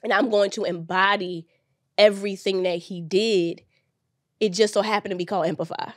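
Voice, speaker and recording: A woman guest in a podcast interview, talking with animated, rising intensity about her father and her money work. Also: moderate pace, no echo, clean studio sound. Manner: animated, rising in pitch when excited. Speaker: guest, finance educator. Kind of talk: emotional interview talk.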